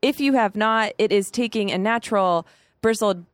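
A woman's voice: medium pitch, moderate pace, no echo, clean studio sound. A young woman co-hosting a casual podcast, explaining steadily and making wry jokes. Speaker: podcast co-host. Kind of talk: casual chat.

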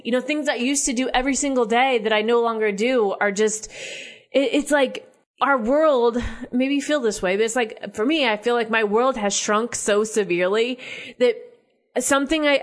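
A young adult woman from the United States talking through her thoughts in a casual monologue, full of "like" and "right?". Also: fairly high pitch. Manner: chatty, heavy use of "like" and "right?".

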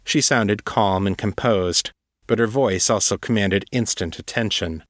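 A man narrating a fantasy story, his voice sitting on the low side. He keeps a measured, even delivery, and the recording is dry and close, with no room sound. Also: no echo. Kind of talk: audiobook reading.

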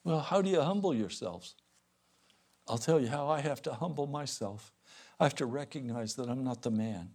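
A man preaching a revival sermon as pastor, swinging between loud fervent warnings and hushed pleading. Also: mid-range voice.

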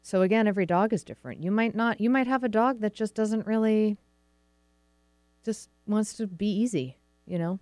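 A woman's voice: mid-range voice, normal speed, a little mellow, dry recording. A woman hosting a dog podcast, talking casually and acting out what dogs and owners might say, with a light Pacific Northwest American accent. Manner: chatty, acts out quoted voices of dogs and owners. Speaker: podcast host, dog trainer. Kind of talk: casual explanatory talk.

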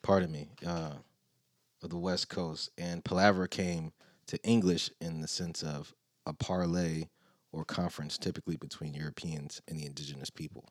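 Podcast co-host, man, very low voice, dry close mic, easygoing delivery. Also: level tone, moderate pace, no echo. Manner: reads definitions aloud, laid-back. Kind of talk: casual chat.

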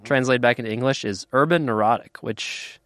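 A man's voice: mid-range voice, brisk, a bit bright, no echo. A man co-hosting a podcast, adding brief, dry interjections in casual chat. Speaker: podcast co-host.

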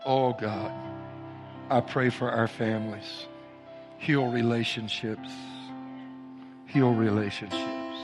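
A man's voice: medium pitch, fairly even intonation, slow pace, long pauses. A man preaching a sermon and leading a prayer in a church, emphatic and repetitive in his phrasing. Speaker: pastor. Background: soft instrumental music.

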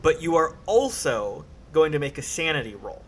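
A man's voice: fairly high pitch, big pitch swings, normal speed, slight background noise. A man running a tabletop horror game as game master, upbeat and patiently explaining the rules.

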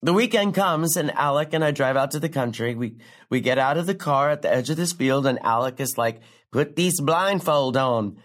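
A young woman playing a brash comic who delivers a rambling, sardonic, profane stand-up story with big leaps in pitch. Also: a little fast. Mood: wry. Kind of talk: stand-up comedy monologue in a drama.

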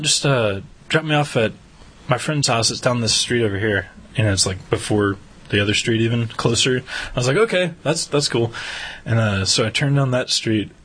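Male podcast co-host, husky voice, lively storyteller who acts out every quote. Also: mid-range voice. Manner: animated storytelling, acting out quoted dialogue. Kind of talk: casual chat.

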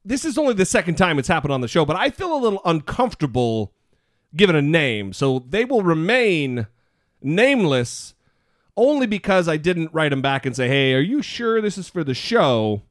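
A man's voice: on the high side, sing-song, moderate pace, no echo, studio quality. A man co-hosting a podcast in casual chat, teasing and joking with his co-host.

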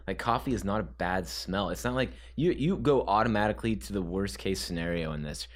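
A man's voice: lowish voice, fairly quick. A man co-hosting a podcast, teasing and bluntly contradicting his partner in casual chat. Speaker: podcast co-host.

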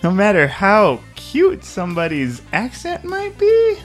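A man's voice: high-pitched, wildly swooping pitch, a little slow, faint music behind. A young man hosting a podcast, chatting casually, rambling through stories and laughing often. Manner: laid-back, laughs often, rambling storytelling. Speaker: podcast host. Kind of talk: casual banter.

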